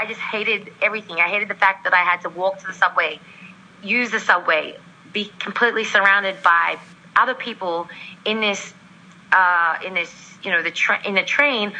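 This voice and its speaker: A woman from Australia, a guest on an interview show, tells a long personal story in an animated way, acting out the voices of the people in it and laughing often. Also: mid-range voice, slightly rough, low-quality recording.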